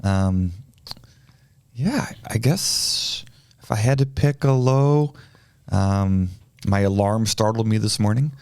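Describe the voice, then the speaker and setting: A man's voice: fairly low pitch, slow pace, creaky, a little mellow, clean tone, dry recording. A man who is a pastor, co-hosting a podcast in casual, teasing chat. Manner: playful, teasing, chatty.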